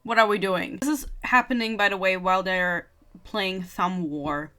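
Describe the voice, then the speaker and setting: A woman's voice: medium pitch, normal speed, pushed and bright. A young woman ranting sarcastically through a book review, giggling and swearing as she goes.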